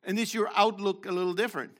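Speaking fast in a high voice with a steady tone, an older preacher engages his congregation through questions and by calling on people. He shifts between forceful exhortation and quiet side comments.

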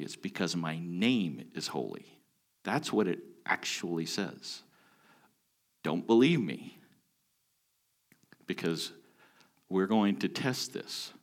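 A lower-voiced man leads a scripture study. He talks casually, then slows down and leans hard on key words. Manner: emphatic, stresses key words. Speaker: teacher. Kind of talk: Bible teaching.

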